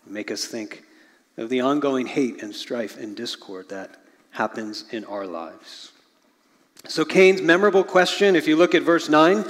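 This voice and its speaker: A middle-aged male pastor delivers a sermon in an earnest tone, his voice sitting somewhat high for a man. He often sinks to a hushed murmur at the ends of phrases. The recording carries the long reverb of a large church hall.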